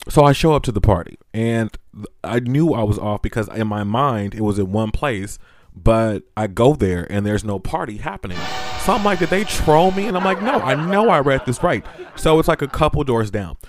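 A podcast host tells a personal story in a lively monologue at normal speed, animated, laughing, and swearing freely. When he retells his panic, his voice climbs high and loud.

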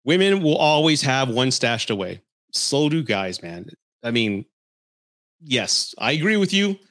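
A man's voice: mid-range voice, big pitch swings, unhurried, fairly bright tone. A man hosting a casual dating-advice podcast, ranting bluntly with plenty of swearing and frequent laughter. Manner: blunt and profane, laughs often; heated, scolding delivery. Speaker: podcast host.

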